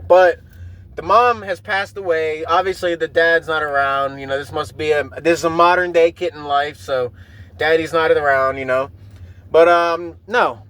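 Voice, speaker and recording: While driving his car, a podcast host rambles through an emotional, profane monologue full of swearing. His voice sits on the high side, fairly bright, with fairly even intonation at a normal speed.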